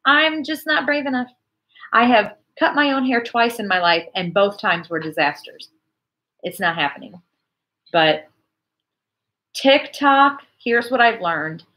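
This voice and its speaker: A woman in her forties hosts a casual church livestream chat, reading viewer comments and chatting in an animated way. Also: a little high, a little slow, long pauses.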